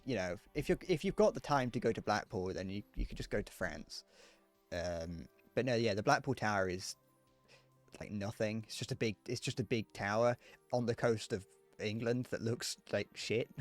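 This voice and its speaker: A young Northern Irish livestreamer chats casually with viewers as he games, rambling and laughing at his own jokes, in a medium-pitched voice with no room sound.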